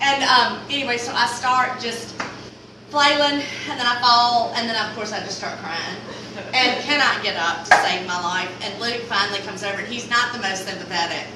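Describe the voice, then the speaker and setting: A Southern woman from the Mississippi Delta, spinning a comic yarn in a lively drawl that bursts into loud exclamations. Her voice sits a little high. The recording is distant and very roomy. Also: moderate pace. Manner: animated, drawling, swings into loud exclaimed quotes. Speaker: storyteller. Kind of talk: casual comic storytelling. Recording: roomy, distant mic, clear background noise.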